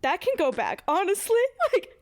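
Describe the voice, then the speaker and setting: Woman, twenties, podcast co-host, wry, playful, bouncy high voice, dry close mic. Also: huge pitch swings, moderate pace, dry recording. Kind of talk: casual chat.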